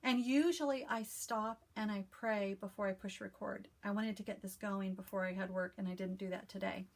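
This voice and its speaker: A woman hosting a casual stitching vlog, who chats and reads a devotional aloud in a calm, soothing voice with frequent restarts. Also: mid-range voice, moderate pace, gravelly. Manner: chatty, with frequent restarts and fillers. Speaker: cross-stitch video host. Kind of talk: casual chat and devotional reading.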